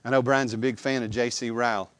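Man, sermon, emphatic, repeats phrases, medium pitch. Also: steady tone, quick pace, no room sound. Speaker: preacher.

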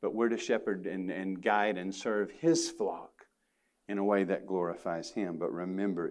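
A man's voice: low voice, fairly even intonation, moderate pace. A man preaching a sermon to his congregation, earnest and emphatic, with casual asides. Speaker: pastor. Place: church sanctuary.

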